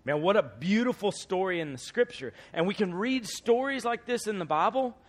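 Animated male preacher acting out a story. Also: fairly high pitch. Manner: animated storyteller, acts out voices, shouts at climaxes. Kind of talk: sermon storytelling.

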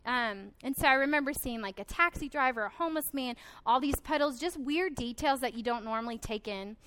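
A woman's voice: high-pitched, brisk, sharp tone, slight background noise. A young woman giving an earnest, emotional personal testimony at a conference, with frequent hesitations. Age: 20s. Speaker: conference speaker.

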